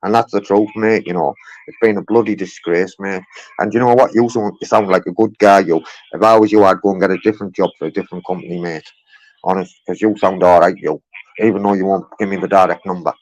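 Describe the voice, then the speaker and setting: A man's voice: low-pitched, fairly even intonation, fast talker, a little mellow, lo-fi sound. A man making a heated phone complaint, insistent and repetitive, filling his talk with "you know what I mean". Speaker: caller.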